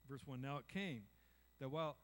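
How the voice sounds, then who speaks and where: A man's voice: medium pitch, moderate pace. An older man preaching a conversational sermon, acting out little voices and asking the congregation "amen?". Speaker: pastor.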